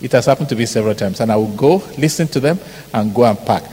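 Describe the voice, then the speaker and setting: Middle-aged male Nigerian-accented preacher, animated storyteller, in a big echoing hall. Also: mid-range voice, fast talker, breathy edge. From Ibadan, Nigeria. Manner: animated, storytelling with mimicked shouts and laughter. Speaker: pastor. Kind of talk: sermon. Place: large church hall. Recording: hall reverb, faint background noise.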